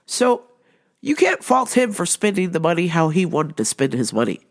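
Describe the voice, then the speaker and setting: A woman vlogger tells stories in a casual, chatty monologue. Her pitch swoops lively up and down, and she laughs often. She exaggerates as she retells things. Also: moderate pace.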